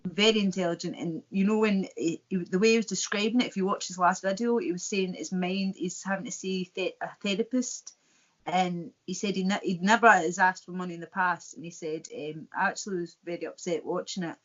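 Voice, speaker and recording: A woman's voice: fairly low pitch, fairly even intonation, a little fast, lo-fi sound. A Scottish woman in casual chat as co-host, rambling with lots of fillers and restarts. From Scotland.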